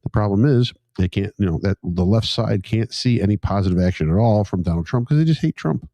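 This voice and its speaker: Brief: male co-host, low voice, emphatic and opinionated, repeats himself while arguing, dry close sound. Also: animated, a little fast, dark tone, no room sound. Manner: emphatic and opinionated, repeats words as he builds a point. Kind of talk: casual political chat.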